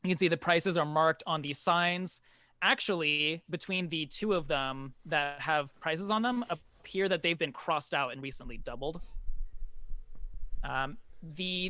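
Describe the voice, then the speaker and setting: A man's voice: on the high side, bright, forceful tone, dry recording. A man running a tabletop game as dungeon master, describing the scene with many fillers and self-corrections.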